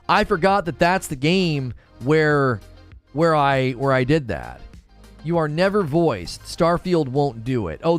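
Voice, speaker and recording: A man hosting a casual gaming livestream, reading chat and arguing his opinions out loud, now and then mimicking cartoon voices. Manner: animated, opinionated, thinks aloud; briefly mimics cartoon voices in a high falsetto. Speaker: gaming news host reading live chat.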